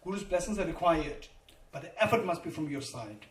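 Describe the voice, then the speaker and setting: A man's voice: on the high side, lively intonation, a little fast. A man giving a Buddhist teaching, emphatic and repetitive, spelling terms out letter by letter. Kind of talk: dharma lecture. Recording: roomy, distant mic, faint noise.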